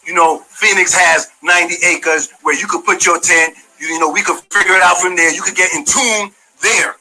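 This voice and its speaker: Blunt, husky-voiced man ranting. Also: sits high, steady tone, moderate pace, sharp tone, rough recording. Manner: blunt, profane, confrontational. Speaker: former community member giving his side. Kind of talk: heated monologue, addressing someone directly.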